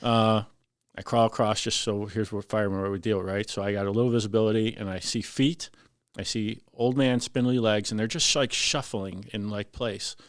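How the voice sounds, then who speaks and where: Deep-voiced man telling a fire rescue story. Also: normal speed, smooth, dry recording, studio quality. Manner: animated, acts out voices in his story. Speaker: firefighter lieutenant guest. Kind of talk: casual storytelling on a podcast.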